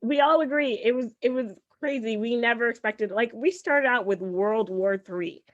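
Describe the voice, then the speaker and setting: A woman's voice: fairly high pitch, moderate pace. A woman doing a stand-up comedy set, talking in a sarcastic, conversational way and dotting her lines with "like" and "right?". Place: comedy show stage. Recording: dull, muffled sound.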